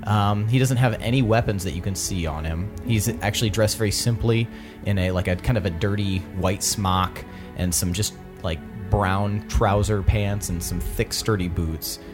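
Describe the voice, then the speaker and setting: A man narrating as the game master with a relaxed, hesitant delivery. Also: on the low side, normal speed, few pauses, music in the background. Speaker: dungeon master.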